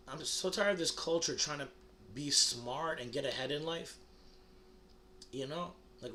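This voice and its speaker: A man's voice: fairly high pitch, bright, forceful tone, slight background noise. A young man from the United States delivering a rambling, crude comedic monologue, full of fillers and restarts. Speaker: comedy vlogger.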